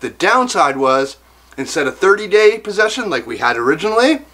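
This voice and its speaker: A man's voice: high-pitched, big pitch swings, fairly quick, pushed and bright. Man narrating a vlog story in voice-over. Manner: storytelling, conversational. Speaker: vlogger narrating.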